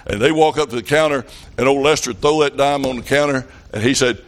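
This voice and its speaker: A middle-aged man with a Southern US accent preaching a revival sermon, telling folksy stories and building up to fervent shouts. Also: medium pitch, a little fast.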